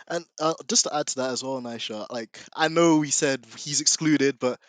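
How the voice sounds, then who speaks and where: A man's voice: medium pitch, normal speed, hardly any pauses, no room sound. A man, a podcast guest in casual chat, talking in an enthusiastic, hyperbolic way.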